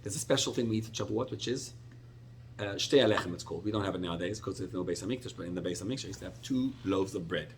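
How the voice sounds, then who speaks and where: A middle-aged man, a rabbi, teaching a Torah class with animated, expressive storytelling and sudden jumps in pitch. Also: rapid-fire, noisy background.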